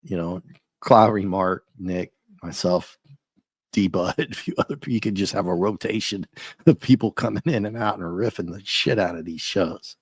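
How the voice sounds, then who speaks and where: Low-voiced man ranting on a stream. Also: normal speed, breathy edge, dry recording. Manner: rambling, ranting, laughs often. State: slightly rough voice. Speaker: livestream host. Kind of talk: casual chat with viewers.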